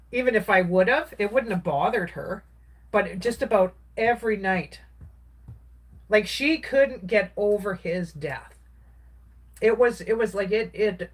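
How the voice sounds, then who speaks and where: A woman, a craft vlogger, casually recounting a personal story in a rambling way, with many restarts and filler words. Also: mid-range voice.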